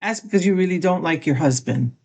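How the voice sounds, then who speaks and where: A woman's voice: on the low side, expressive, a little fast, a little mellow. An older woman reacting to a clip, commenting in an indignant, critical way. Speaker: reaction video host. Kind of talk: casual commentary.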